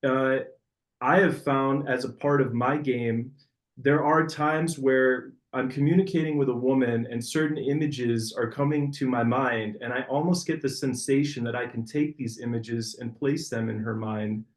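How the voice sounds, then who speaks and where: A man's voice: medium pitch, steady tone, moderate pace, reverberant. A man hosting an interview as a dating coach, talking loosely with fillers and restarts. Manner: loose, searching phrasing with filler words. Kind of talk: casual interview chat.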